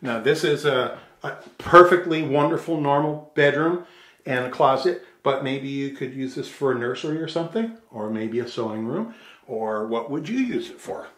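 Walking through a big, vacant house, a middle-aged man working as a real estate agent jokes and rambles to the camera, a bit winded. His voice is mid-range and fairly bright, moving at a moderate pace, and the bare rooms echo around him.

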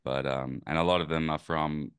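Very deep-voiced man, smooth. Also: normal speed, dry recording. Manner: relaxed, thoughtful, rambling with fillers. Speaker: podcast host interviewing a guest. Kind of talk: casual conversation.

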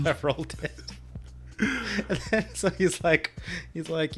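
A man's voice: a little high, slow, long pauses, a bit bright, husky, soft background music. A man co-hosting a podcast, recapping a tabletop game in casual chat, laughing often and rambling with lots of fillers. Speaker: podcast co-host and player.

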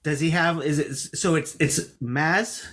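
Soft-spoken, slightly husky male interviewer. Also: on the high side, steady tone, unhurried. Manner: curious, gentle questions. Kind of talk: casual interview. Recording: voice slightly off-mic.

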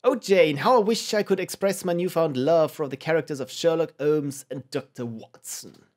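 A man's voice: on the high side, normal speed, lightly acted. A man voicing a young male ship's first mate reading his letter aloud in a poor put-on British accent, earnest and overly enthusiastic.

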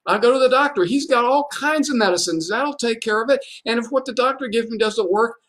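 A man's voice: extremely high pitch, brisk, a bit bright. A male pastor giving a livestreamed sermon, telling a story in a conversational, folksy way full of rhetorical questions.

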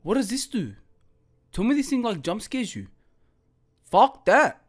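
A jumpy man hosting a gaming channel provides commentary on a horror game let's play, swearing a lot and bursting out in panic. His voice is high with huge swings in pitch, at a moderate pace, with a darkish, slightly rough tone.

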